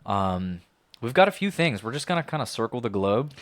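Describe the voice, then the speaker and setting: A man's voice: medium pitch, sing-song, brisk, dry recording. A man co-hosting a podcast in a studio, talking in a jokey, riffing, playful way. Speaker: podcast co-host. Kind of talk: casual chat.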